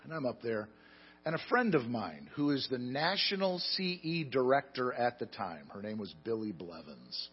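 Preacher guy, husky voice, dull lo-fi recording, gets loud then drops to quiet asides. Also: mid-range voice, big pitch swings, normal speed. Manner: storytelling, self-deprecating, swings between loud emphasis and quiet asides. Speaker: pastor. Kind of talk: sermon.

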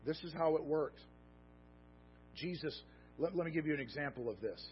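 A man preaching a sermon, animated and conversational, swinging from emphatic peaks to low, soft asides. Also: moderate pace. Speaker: pastor. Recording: dull lo-fi sound with faint music.

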